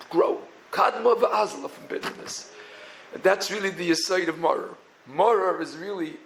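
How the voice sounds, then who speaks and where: A rabbi gives a Torah talk in a gravelly, slightly high voice. He mixes Hebrew and terms into his English and breaks into little chanted tunes. Faint noise hums behind him. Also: fairly bright tone, low-quality recording.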